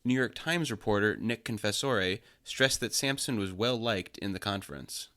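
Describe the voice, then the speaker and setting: Guy narrating a news piece, bright, lowish voice, measured. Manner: measured, even reading. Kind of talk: scripted narration.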